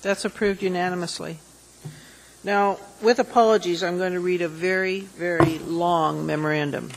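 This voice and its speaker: Woman chairing a council session, brisk and formal, steady list-reading. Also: fairly low pitch, poor audio. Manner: brisk, reads long lists aloud. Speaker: assembly chair. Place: public assembly chamber.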